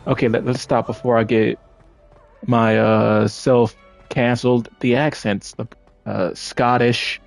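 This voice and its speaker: A man's voice: medium pitch, fairly even intonation, moderate pace, creaky. Man, New York accent, casual gameplay commentary, rambling, profane, faint music behind. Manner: rambling, self-correcting, profane. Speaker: gaming streamer.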